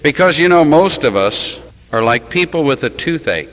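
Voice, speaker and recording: A man's voice: a little high, expressive, moderate pace, a bit bright, poor audio. A man who is a Catholic priest, preaching a sermon in a church with rhetorical questions and wry, self-mocking asides.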